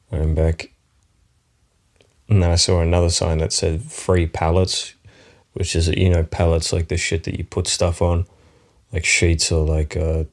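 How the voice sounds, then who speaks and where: Australian male podcast host, very low voice, loose profane comedic monologue. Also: darkish tone. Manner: rambling, profane, chuckling often.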